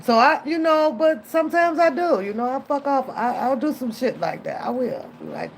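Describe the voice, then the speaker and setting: A woman's voice: high voice, moderate pace, hardly any pauses, slight background noise. A woman streamer telling a story in casual chat, acting out the people in it and laughing often. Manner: animated, acts out voices in quotes, laughs often. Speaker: reaction streamer.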